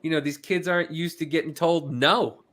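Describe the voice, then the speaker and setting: Podcast co-host, male, animated storyteller, slightly high pitch, casual. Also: moderate pace. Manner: animated storyteller, puts on voices when quoting others. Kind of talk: casual chat.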